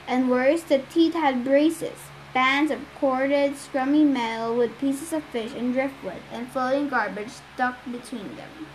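A woman's voice: high voice, slight background noise, low-quality recording. A woman reading a novel aloud, with occasional stumbles and restarts. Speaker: reader.

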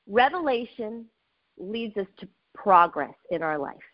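A middle-aged woman preaching a sermon, telling her own testimony with emotional, animated asides. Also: medium pitch, measured pace, lo-fi sound.

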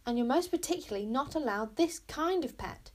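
A woman's voice: sits high, animated, brisk, darkish tone, pitched above the performer's own voice. A woman voicing an earnest, rule-obsessed boy bodyguard in a storybook reading, fussy and lecturing. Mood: fretful. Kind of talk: storybook read-aloud.

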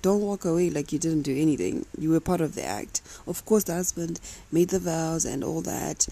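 A woman's voice: deep voice, moderate pace, vocal fry, warm tone, poor audio. A young woman hosting a podcast, ranting in a casual, emphatic way and swearing freely. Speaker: podcast host. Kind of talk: casual rant.

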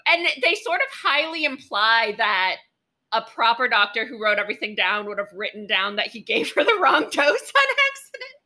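A woman co-hosting a casual podcast, chatty and quick to laugh, often quoting characters. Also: a little high, big pitch swings, pushed and bright. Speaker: podcast co-host. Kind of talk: casual chat reviewing a TV show.

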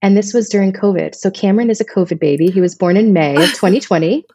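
A woman's voice: mid-range voice, quick pace, warm tone, slightly rough, dry recording. A woman in her thirties from Vermont, telling personal stories in a casual, emotional, rambling way as a podcast guest. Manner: emotional, rambling, many restarts.

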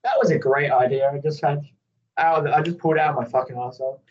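Sweary, animated man on a distant mic. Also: on the high side, very fast, highs cut off. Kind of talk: casual chat.

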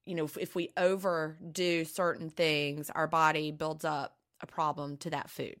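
A middle-aged woman co-hosting a chatty podcast, with a bright, forceful voice that sits a little low. She speaks earnestly and reassuringly, drawing on her own experience. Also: little pitch movement, a little slow. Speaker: podcast co-host. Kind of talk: casual podcast chat.

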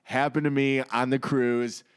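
A man's voice: medium pitch, flat delivery, a little slow, smooth. A young man in casual podcast chat, joking around and swearing as he tells an awkward story. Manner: joking, interjects, swears freely.

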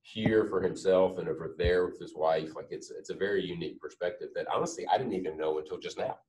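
A man's voice: low voice, quick pace, darkish tone, distant mic, a little hiss or hum, rough recording. A man co-hosting a podcast, explaining his thoughts casually with fillers. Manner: explanatory, thinks aloud with fillers. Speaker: podcast co-host. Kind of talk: casual chat.

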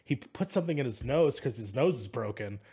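A man in a loose, casual podcast conversation, with a mid-pitched voice. He sounds enthusiastic and rambles as he talks, laughing often. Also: expressive, fast, a crowd in the background. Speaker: podcast co-host.

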